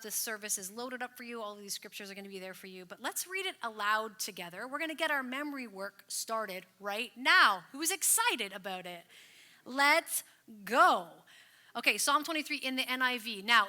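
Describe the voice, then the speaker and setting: A woman pastor preaching at a livestreamed church service, chatty and playful, and slowing down when she reads scripture. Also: a little high, pushed and bright. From Canada. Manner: conversational and playful, reading scripture slowly. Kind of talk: sermon.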